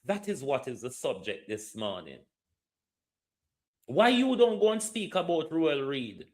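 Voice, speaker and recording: A man's voice: a little high, sing-song, measured pace, darkish tone. A man with a Jamaican accent hosting political commentary, lecturing and firing pointed questions at his listeners.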